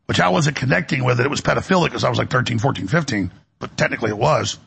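A middle-aged male radio host with a gravelly, raspy voice, delivering a preachy, impassioned monologue and acting out the voices he quotes. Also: medium pitch, fast, a bit bright.

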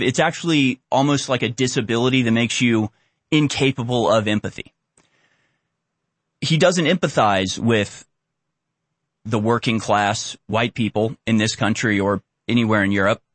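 A man's voice: medium pitch, fairly bright tone, no room sound. A man hosting a commentary show, ranting bluntly and with exasperation. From Houston area. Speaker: commentary host.

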